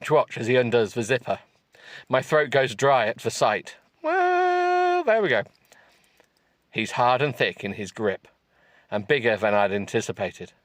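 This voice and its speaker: A male podcast host reading a text aloud for comedy, stopping to mock it with sarcastic asides and breaking into high giggles. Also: moderate pace, no echo. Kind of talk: comic reading with running commentary.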